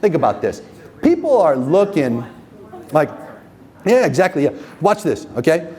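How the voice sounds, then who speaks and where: Unhurried yet very animated, this man has a fairly high, darkish voice. He's a marketing agency owner giving a live seminar to business owners, cursing, emphatic, and repeatedly asking "okay?" or "right?".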